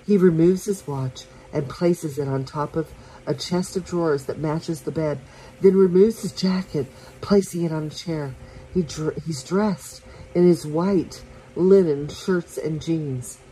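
A woman reading a romance story aloud for her podcast, soft and unhurried, with small slips and restarts. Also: deep voice, slight background noise, low-quality recording.

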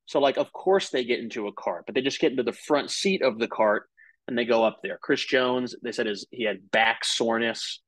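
A man's voice: mid-range voice, a little fast, a bit bright, no room sound, rough recording. A man co-hosting a casual sports podcast, talking in a loose, rambling way full of "like" and "uh" and swearing freely. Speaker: podcast co-host.

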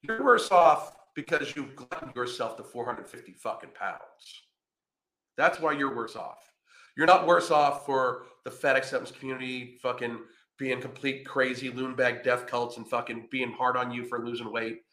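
A man's voice: medium pitch, normal speed, pushed and bright, echoey room. A man hosting a podcast, ranting in reaction commentary with a profane, combative and sarcastic manner. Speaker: podcast host.

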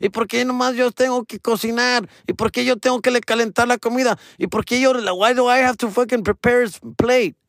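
A woman's voice: fairly high pitch, steady tone, fast, hardly any pauses, dry recording, clean studio sound, voice pushed up, lightly acted. A man voicing his complaining younger sister, whining and indignant, mixing Spanish into English. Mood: whiny indignant.

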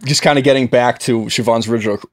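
A man's voice: mid-range voice, fairly even intonation, quick pace, no echo. Easygoing man steering a podcast chat. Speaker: co-host.

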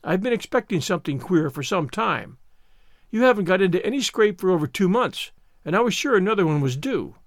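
A sharp, stern older woman who scolds briskly, put on by a man reading aloud. Her voice lifts higher and louder than the reader's own, with a dry, close sound. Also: very animated, no echo. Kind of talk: audiobook character reading.

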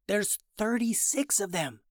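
Man playing a young ninja brother, high and cheeky, quick and bold. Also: sing-song, dry recording, clean studio sound. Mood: urgent.

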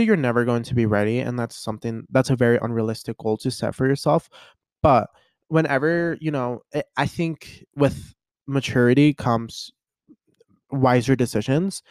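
A young man vlogging in a casual chat to camera, telling stories in a chatty, animated way with lots of fillers. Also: mid-range voice, clean tone, no echo, clean studio sound. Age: young adult.

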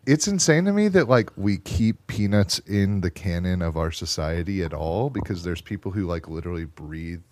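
Deep-voiced, wry American man. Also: expressive, normal speed, hardly any pauses, darkish tone. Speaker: podcast co-host. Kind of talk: casual podcast banter.

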